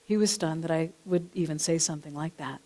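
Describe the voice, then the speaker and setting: A woman's voice: low voice, a little fast, mellow. A woman minister delivering a sermon, telling a counseling story and repeating and rephrasing her points as she goes. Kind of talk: sermon with personal anecdote. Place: church sanctuary.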